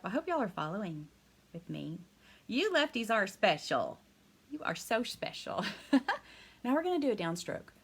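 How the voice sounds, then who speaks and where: A woman teaching a live hand-lettering class online. She talks fast and excitedly, chatty and encouraging, and laughs often. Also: mid-range voice. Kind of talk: live online craft lesson.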